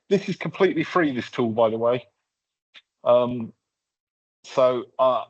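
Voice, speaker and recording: A man's voice: mid-range voice, measured pace, pauses often. A man presenting a hands-on workshop, talking casually through a live tech demo with lots of fillers and restarts. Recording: slightly dull lo-fi sound.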